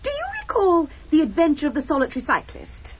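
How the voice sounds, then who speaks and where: A woman's voice: sits high, huge pitch swings, fast, muffled recording. An actress in a radio drama playing a confident, theatrical English lady novelist turned detective. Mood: indignant.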